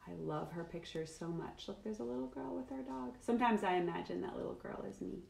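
A middle-aged woman hosting a children's livestream, reading a picture book aloud at home in a playful, animated way and acting out the feelings. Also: mid-range voice, quick pace, gravelly. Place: at home, live streaming.

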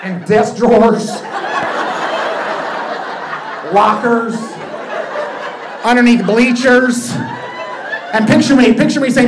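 A man performing a stand-up comedy set on a club stage, telling stories in a quick, conversational way. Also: very high-pitched. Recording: echoey club with crowd and noise.

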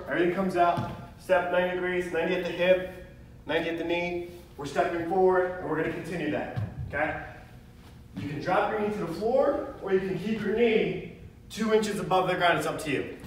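Man, fitness coach, upbeat, step-by-step demonstration, slightly high voice, heavy gym echo, distant mic. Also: steady tone, fairly quick, slight background noise. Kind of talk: exercise demonstration.

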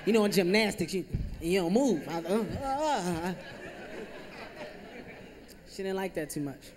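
A young man doing stand-up comedy on a theater stage, animated and self-deprecating, peppering his talk with "you know.". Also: high-pitched, a little slow, long reverb tail, crowd noise, noisy background. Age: 20s. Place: theater stage with live audience.

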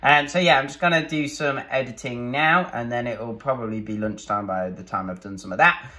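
A man's voice: medium pitch, a little fast, pushed and bright. A man chatting casually to camera in a vlog about his day, upbeat and rambling with fillers. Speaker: gaming YouTuber vlogging his day.

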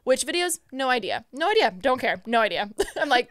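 A young woman guest on a podcast, telling an excited story in casual chat, full of fillers and acted-out quotes. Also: high-pitched, a little fast, no echo, clean studio sound.

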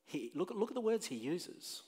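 A man preaching a sermon as pastor, emphatic, with loud exclamations and quiet questions. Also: high-pitched, very animated, moderate pace. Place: church sanctuary. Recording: long reverb of a church hall.

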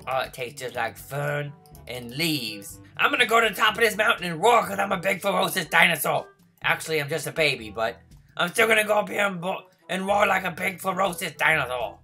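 A man's voice: a little high, gravelly, full character voice. Man doing Roger, a clingy lonely baby dinosaur. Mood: playful. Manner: whiny, begging for friends, turning to frantic yelling when chased. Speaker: gaming video host. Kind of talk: in-character game role-play.

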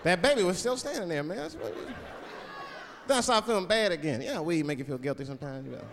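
A man's voice: sits high, lively intonation, fast, slight background noise. A male stand-up comedian telling a laid-back, profane story on a theater stage. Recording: hall reverb, loud crowd laughter.

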